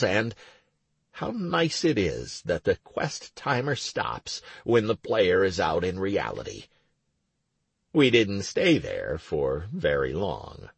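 A man narrating a fantasy audiobook with a slightly husky voice at a middle pitch. His reading is expressive and lively in its pitch movement, close and dry with no room sound. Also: no echo. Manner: expressive, storytelling.

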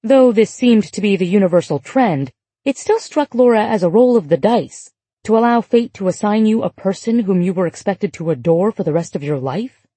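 Husky woman narrating an audiobook. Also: mid-range voice, animated, normal speed, dark tone, no room sound. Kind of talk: scripted narration.

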